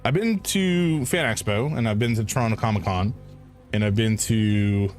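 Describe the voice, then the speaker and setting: Streamer guy, lowish voice, casual rambling chat over a game. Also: normal speed, a little mellow, faint music behind. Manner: rambling, hesitant, with many fillers.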